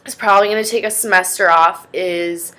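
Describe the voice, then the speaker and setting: A woman's voice: mid-range voice, steady tone, a little fast, fairly bright tone. A young woman vlogging in a rambling, chatty way, easily sidetracked. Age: young adult. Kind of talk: casual vlog chat.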